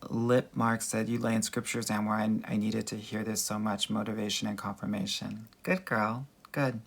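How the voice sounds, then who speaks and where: A man's voice: lowish voice, flat delivery, normal speed, gravelly, husky. A man working as a dating coach, answering viewer comments in a chatty livestream Q&A with a Valley Girl voice and mannerisms, calling everyone girl and honey.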